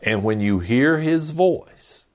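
A middle-aged man preaching a sermon as a pastor, earnest and emphatic with dramatic pauses. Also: medium pitch, lively intonation, a little mellow.

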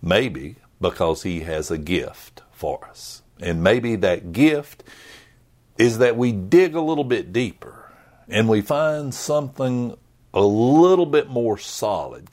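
A middle-aged man preaching a sermon as a pastor, animated and dropping now and then to a whisper. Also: low-pitched.

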